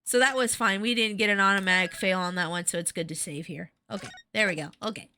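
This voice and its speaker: A woman's voice: medium pitch, quick pace, sharp tone, a little hiss or hum. A woman with a Southern US accent layered with Midwestern, chatting and cheering herself on while streaming a game. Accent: Southern US with Midwestern overlay. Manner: chatty, giggly, self-encouraging. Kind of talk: casual gameplay commentary.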